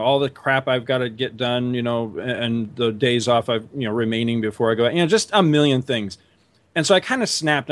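A middle-aged man chats casually on a podcast, telling an anecdote with lively, exaggerated swings as he acts out lines. His voice is a medium pitch, and the sound is dry and close with no room echo. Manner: animated, acts out quotes with big pitch jumps and laughs. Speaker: podcast host. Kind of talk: casual storytelling chat.

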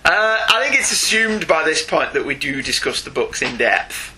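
Northern english man, comics podcast host, bright edgy tone, fairly high voice, teasing, chatty. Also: big pitch swings, slight background noise, low-quality recording. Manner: chatty, teasing, quick to laugh. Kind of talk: casual comics review chat.

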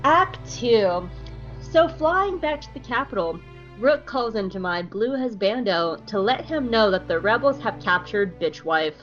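A woman's voice: medium pitch, expressive, moderate pace. Woman podcast host, playful irreverent recap, dull lo-fi audio, faint music. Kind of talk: casual recap commentary.

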